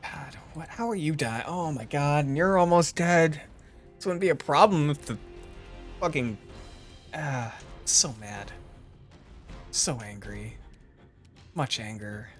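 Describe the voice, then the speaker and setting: A woman's voice: low voice, expressive, takes it slowly, long pauses, faint music behind. A woman streaming a video game, ranting in a profane, exasperated way and laughing at her own complaints.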